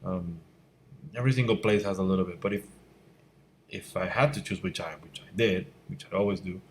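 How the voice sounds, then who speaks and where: Low-voiced, blunt man from Venezuela. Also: fairly quick, a little hiss or hum. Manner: candid and blunt, gets worked up and emphatic. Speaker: visual effects course instructor. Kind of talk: casual Q&A answering viewer questions. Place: room at home at night by a window. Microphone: fixed mic, voice fades when he turns away.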